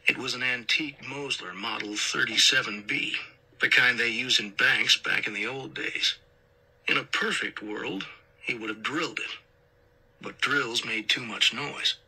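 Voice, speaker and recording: A man's voice: mid-range voice, a little slow, bright, forceful tone, husky, poor audio. A man narrating a crime story as an audiobook reader, acting out tense whispered dialogue. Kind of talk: scripted narration.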